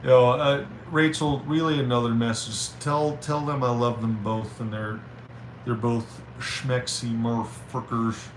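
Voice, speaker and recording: A man streaming live, chatting casually and reading viewer messages aloud with halting restarts. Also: medium pitch, flat delivery. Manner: rambling, reads chat aloud, halting restarts. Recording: roomy with faint noise.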